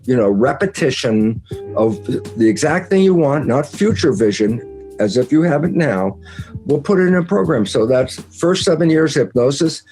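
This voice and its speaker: A man explains ideas at a medium pitch, jumping into lively acted-out quotes of his own conversations. Faint music plays underneath him. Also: normal speed. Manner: animated, acts out his own quoted dialogue. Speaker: interview guest.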